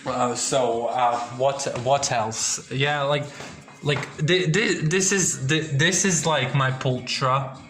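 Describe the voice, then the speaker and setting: A man's voice: mid-range voice, takes it slowly, a bit bright, soft background music. A young man showing his orchids at home in a casual vlog, rambling with restarts and asking "yeah?" often. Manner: rambling, many restarts and tag questions. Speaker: orchid hobbyist vlogger. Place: indoors at home among plants and boxes.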